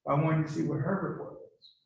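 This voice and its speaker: A man's voice: on the high side, fairly even intonation, a little fast, vocal fry, muffled recording. A male pastor preaching a call-and-response sermon, coaxing the congregation to repeat his words after him. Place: church sanctuary. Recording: very echoey church hall from far off.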